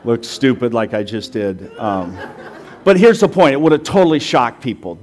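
Male pastor, sermon, conversational, emphatic questions, wry asides, mid-pitched voice. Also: normal speed, darkish tone.

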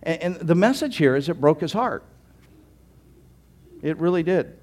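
A man's voice: on the high side, expressive, a little slow. Earnest male pastor preaching. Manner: earnest, emphatic preaching with restarts and swings between loud and quiet. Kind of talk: sermon.

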